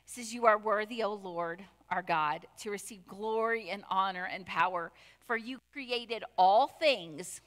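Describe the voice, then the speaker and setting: A woman's voice: on the high side, bright, forceful tone, long reverb tail. A woman pastor preaching a conversational sermon, full of asides and rhetorical questions. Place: church sanctuary.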